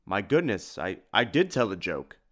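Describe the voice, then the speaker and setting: A man's voice: lowish voice, sing-song, normal speed, a bit bright. A man voicing a stoic, earnest adult hero in an audiobook, with solemn declarations. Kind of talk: audiobook character voice.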